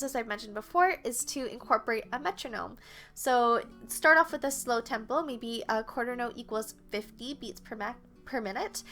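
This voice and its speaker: A young woman gives a patient, step-by-step flute lesson, counting beats aloud as she explains. Her voice is bright and sits fairly high. Faint music plays softly in the background. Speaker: flute teacher.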